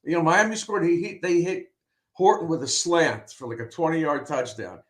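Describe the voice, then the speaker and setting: A man's voice: fairly high pitch, normal speed, a bit bright. A man giving blunt, opinionated takes in a casual sports chat. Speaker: podcast co-host, analyst.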